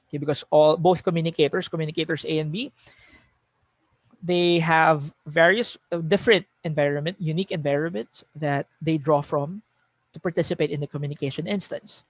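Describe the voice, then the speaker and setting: A man's voice: on the high side, a little fast, dry recording. A man with a Filipino accent giving an online lecture in a conversational way, reading sample sentences with shifting emphasis and often correcting himself. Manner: reads example sentences aloud with shifting emphasis, frequent self-corrections. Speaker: teacher giving a webinar. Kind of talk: conversational lecture mixing English and Tagalog.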